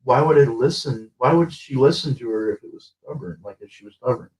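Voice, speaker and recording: A man's voice: mid-range voice, animated, a little fast, a little mellow. A man chatting casually, chiming in with questions and joking side comments. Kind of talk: casual chat. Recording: voice a bit distant from the mic.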